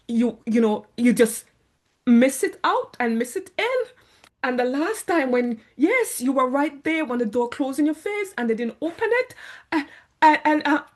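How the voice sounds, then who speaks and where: A woman, sharing a faith story in casual, animated speech and acting out her own prayers. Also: high voice. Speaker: faith vlogger sharing a testimony. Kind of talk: casual spoken testimony.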